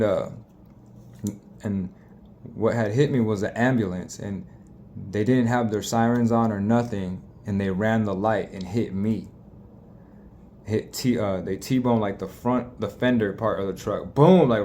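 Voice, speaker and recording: Young guy with a lowish voice rambling thru a crash story, swears a lot, faint hiss behind. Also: darkish tone. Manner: profane, rambling, restarts often. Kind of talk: casual storytime monologue.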